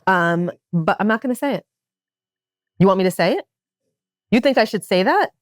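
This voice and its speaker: A woman hosting a podcast, talking in a casual chat style and making her points with animated emphasis. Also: normal speed, no echo, clean studio sound. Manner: animated and emphatic, with wide swings in pitch. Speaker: podcast host.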